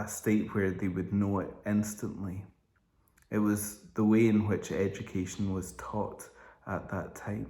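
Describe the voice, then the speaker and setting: A man in his thirties, giving a calm devotional reflection in a slow, gentle way with small restarts. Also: fairly low pitch. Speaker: church member giving a devotional. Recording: roomy echo.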